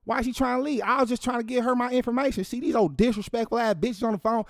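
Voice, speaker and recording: A man's voice: very high-pitched, fairly even intonation, fast talker, creaky, no room sound, studio quality. A man doing a stammering, hot-tempered caller. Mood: furious. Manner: stammering, profane, ranting. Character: hot-tempered, foul-mouthed man on a prank call. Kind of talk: comic prank call.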